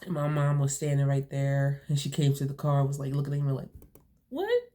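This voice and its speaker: A woman's voice: a bass voice, monotone, fairly quick, mellow. A young woman vlogging casually to her viewers, rambling with lots of fillers and restarts, a bit sniffly from allergies. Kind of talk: casual storytelling to camera.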